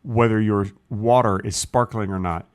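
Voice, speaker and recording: A man's voice: on the low side, fairly even intonation, normal speed, smooth. Man, stubborn and playfully insistent. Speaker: podcast co-host. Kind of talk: casual comedic banter.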